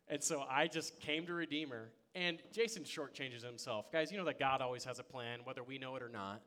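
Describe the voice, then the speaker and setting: Young guy pastor preaching, bright voice, gets loud then quiet, storytelling vibe. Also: a little high, fairly quick, hardly any pauses. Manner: energetic storytelling, big swings from loud excitement to quiet. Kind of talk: sermon. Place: church sanctuary.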